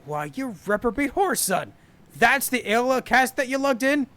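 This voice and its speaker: A man's voice: extremely high pitch, big pitch swings, moderate pace, voice pushed up, heavily acted. A man voicing a stern ship's captain who scolds his crewman and speaks formally to others. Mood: angry. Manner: loud, indignant scolding.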